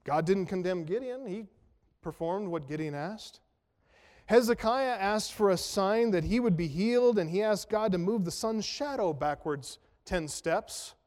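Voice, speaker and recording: A male pastor with a fairly high voice delivers a sermon, chatty and wry, full of rhetorical questions and self-mocking jokes. His words ring out with a long reverb in a large church hall. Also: lively intonation, measured pace, darkish tone. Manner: conversational, self-deprecating humor, rhetorical questions. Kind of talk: expository sermon.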